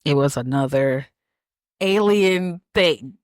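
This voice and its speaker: A woman co-hosting a podcast, retelling a film scene in a lively, blunt, joking way. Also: low-pitched, slow pace, no room sound, studio quality. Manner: animated storyteller, acts out characters, blunt and profane. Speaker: podcast co-host. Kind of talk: casual movie recap chat.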